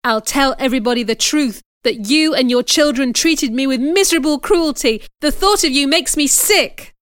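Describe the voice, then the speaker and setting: A woman reading an audiobook, voicing a furious, defiant young orphan girl in loud, indignant outbursts. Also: high voice, moderate pace, no echo, clean studio sound, pitched above the performer's own voice.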